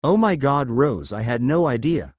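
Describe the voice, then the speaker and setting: A man reads a shy, hesitant young woman in this storybook reading. She speaks softly and a little unsure. The voice moves up and down freely and sounds close and dry. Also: mid-range voice, very animated, normal speed, no echo.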